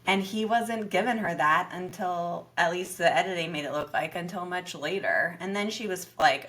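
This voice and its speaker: A woman co-hosts a casual podcast, recapping a dating show. Her voice sits a little low but rings bright and clear, and she slips into lively voices to act out what people said. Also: normal speed, few pauses. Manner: animated, acts out quotes in lively voices. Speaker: podcast co-host. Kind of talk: casual reality TV recap chat.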